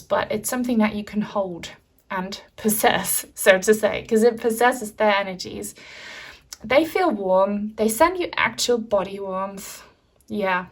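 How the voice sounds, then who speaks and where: A woman giving a pick-a-card tarot reading in a gentle, rambling way, with many fillers and soft laughs. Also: medium pitch, creaky. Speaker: tarot reader.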